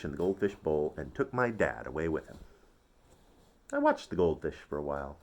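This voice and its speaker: A man reading a children's story aloud, expressive and playful. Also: very deep voice, normal speed. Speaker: storybook narrator.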